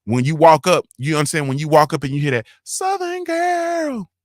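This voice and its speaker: A man's voice: on the high side, steady tone, fast talker, darkish tone, no echo. A man hosting a morning show, talking in loose slang with swearing and laughter, often checking in with his listeners. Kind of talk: casual live-stream chat.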